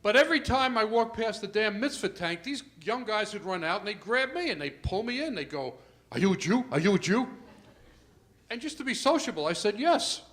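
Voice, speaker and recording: An older man doing a stand-up comedy set in a club, telling stories with asides to the crowd and getting louder for the punchlines. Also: high voice, sing-song, brisk, few pauses. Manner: storytelling with asides to the crowd, rising loud for punchlines.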